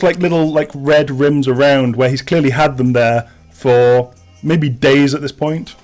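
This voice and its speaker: A man's voice: on the high side, a little mellow. A man narrating as game master of a tabletop game, rambling with many restarts and fillers.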